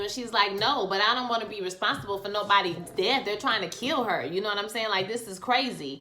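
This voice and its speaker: A woman giving a chatty, animated recap of a TV episode, acting out the characters' lines and calling her viewers "y'all" and "child.". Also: mid-range voice, echoey room. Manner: Southern Black American vernacular, addresses viewers as y'all and child. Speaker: TV episode reviewer.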